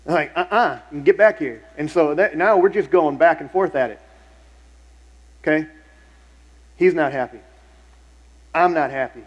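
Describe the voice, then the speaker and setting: Pastor, man, middle-aged, fairly high voice, conversational sermon with repeated phrases for emphasis. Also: measured pace, long pauses, dull audio. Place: church sanctuary.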